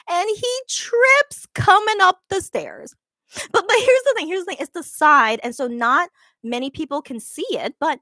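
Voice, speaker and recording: A woman excitedly retelling a night at the theater in casual storytelling, giggly and rambling, full of fillers and restarts. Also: high-pitched, no room sound. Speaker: fan recounting a theater show.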